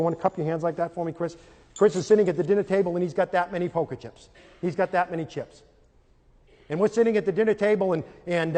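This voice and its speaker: A middle-aged man with a high voice lectures an audience on raising and teaching children. He tells lively stories and slips into characters to act out scenes. His voice rings out through a hall with a long, trailing reverb. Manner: animated storytelling, acting out scenes in character. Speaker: speaker on parenting and teaching.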